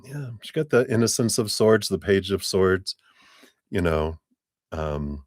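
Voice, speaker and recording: A man giving a live-stream tarot reading, chatty and relaxed, laughing often and filling his talk with "you know". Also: low-pitched, measured pace, no room sound, clean studio sound. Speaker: tarot reader.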